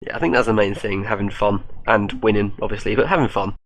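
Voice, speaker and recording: A man's voice: on the low side, steady tone, fast talker. A man casually commentating a gaming league draft on a stream, joking and laughing often. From Europe.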